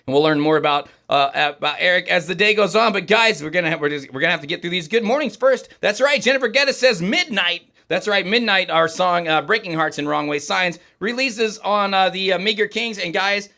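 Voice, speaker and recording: Male studio host, quick chatty rambler, slightly high voice, bright tone. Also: animated, gravelly. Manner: rambling, chatty, many fillers and restarts. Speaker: podcast host. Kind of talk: casual livestream chat. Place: recording studio.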